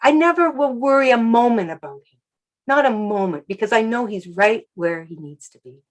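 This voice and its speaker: A woman who works as an animal communicator, sharing a personal story softly and reflectively in an interview. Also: a little high, expressive, normal speed, rough recording.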